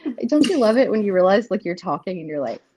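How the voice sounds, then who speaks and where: A woman's voice: mid-range voice, very animated, quick pace, mellow. A woman reading tarot and oracle cards in a casual live stream chat, rambling with many "you know" fillers and frequent laughs. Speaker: tarot and oracle card reader. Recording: dull lo-fi stream audio.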